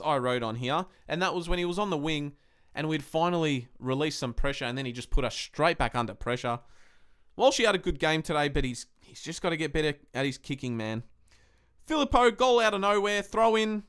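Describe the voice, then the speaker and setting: A man's voice: on the high side, expressive, brisk, a bit bright, clean tone. A young Australian man hosting a live-stream football match review, heated and sweary as he rants about the game. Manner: heated, sweary, ranting fan commentary. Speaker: podcast host.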